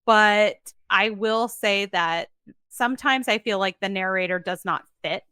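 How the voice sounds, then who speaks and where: Bright, crisp-voiced woman podcast host. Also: mid-range voice, no echo. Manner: chatty, emphatic, quick asides. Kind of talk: casual chat.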